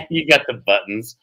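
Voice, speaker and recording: A man in his forties, hosting a casual stream and telling rowdy stories with swearing and laughter. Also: medium pitch. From United States. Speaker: streamer host. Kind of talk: casual storytelling chat.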